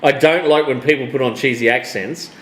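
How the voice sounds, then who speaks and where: A middle-aged Australian man co-hosting a casual live show, animated, swearing freely and laughing often. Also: mid-range voice, brisk, roomy sound. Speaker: co-host. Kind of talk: casual live-stream chat.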